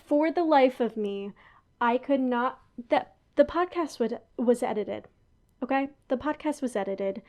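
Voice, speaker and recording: Young female podcast host, slightly high voice, loose rambling delivery full of asides. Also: a little mellow. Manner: chatty and rambling, with frequent laughs and asides. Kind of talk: casual chat. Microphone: headphones on, talking into a podcast mic.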